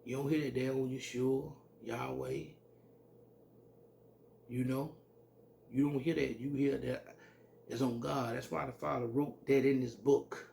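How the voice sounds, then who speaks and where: A man giving an informal scripture teaching, reading verses slowly and then commenting bluntly with salty language. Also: mid-range voice, fairly even intonation, gravelly, warm tone, a little hiss or hum. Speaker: religious teacher.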